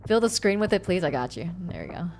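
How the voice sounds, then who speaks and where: A woman's voice: on the low side, quick pace, soft background music. A young woman streaming live, casually chatting with her viewers, reading their messages aloud and laughing often. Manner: animated, laughs often, reads chat aloud.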